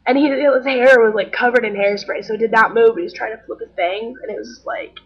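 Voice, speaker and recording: A chatty young woman tells a story straight to the camera, acting out the people she quotes as she goes. Her voice is a little husky, and the audio sounds dull and lo-fi. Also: fairly high pitch, fairly even intonation, quick pace. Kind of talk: casual storytelling vlog.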